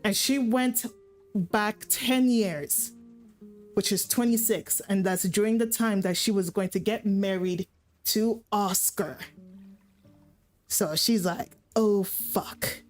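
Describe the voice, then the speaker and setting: A woman streamer ranting through a story recap in a loose, profane, self-correcting style. Her voice sits at a middle pitch for a woman. Faint background music plays under her voice. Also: slow, long pauses, darkish tone. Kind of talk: casual story recap rant.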